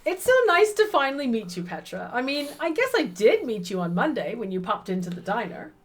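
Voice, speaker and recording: A woman's voice: fairly high pitch, very animated, a little fast. A woman voicing a perky, chatty middle-aged cleaning lady with a Midwestern accent. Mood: gushing. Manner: perky, eager, apologetic.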